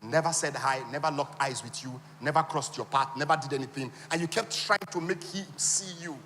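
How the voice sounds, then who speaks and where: A man giving a lively motivational talk at a business conference, now and then acting out other people's voices. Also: fairly quick, a little hiss or hum. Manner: animated, acts out high voices for women. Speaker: conference speaker. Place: large conference hall. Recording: reverberant hall.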